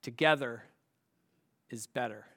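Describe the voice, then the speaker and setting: Bright-voiced male pastor preaching a sermon. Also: mid-range voice, a little slow. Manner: emphatic, rhetorical questions, swings between hushed and loud.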